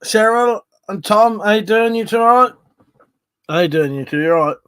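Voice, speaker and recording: A man's voice: sits high, animated, normal speed, a bit bright, clear, resonant tone, no echo. A man with a Southern English accent hosting a casual live stream, swearing freely, bantering and reading out viewer comments. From Southern England.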